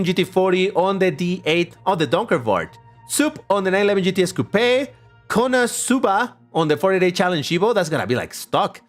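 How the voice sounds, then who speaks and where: Man, high voice, very animated pitch, rambling live-stream host, casual chat, answers viewers aloud. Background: faint background music.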